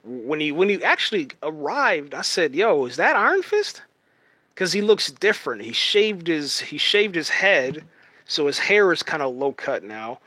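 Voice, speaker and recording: A man's voice: mid-range voice, sharp tone, dry recording. A man giving casual, rambling commentary on a TV series, full of fillers and restarts, tagging sentences with "man". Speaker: video host reviewing a TV series. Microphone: home streaming setup.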